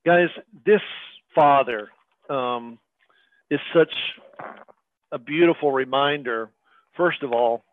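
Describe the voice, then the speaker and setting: This middle-aged pastor speaks slowly, with long pauses, in a medium-pitched voice that carries no room sound. His sermon is conversational, packed with fillers and remarks aimed straight at the congregation, and it comes across as a tinny, phone-like radio broadcast.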